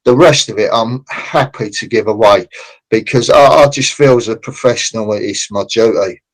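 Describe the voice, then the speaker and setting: A man's voice: on the low side, normal speed, low-quality recording. A man as a podcast guest, talking casually and acting out conversations from building sites. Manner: chatty, acts out site conversations. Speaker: construction consultant guest.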